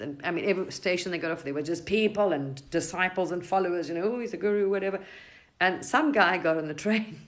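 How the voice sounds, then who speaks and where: A middle-aged woman chats casually on a live stream, offering gentle spiritual advice in a rambling, restarting way. Her voice sits a little low. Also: poor audio. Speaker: livestream host.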